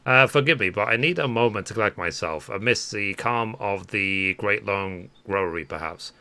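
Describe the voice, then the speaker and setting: Man doing an earnest, fussy scholar, formal and flustered, low bright voice. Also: normal speed, clean tone. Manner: formal, old-fashioned wording read aloud.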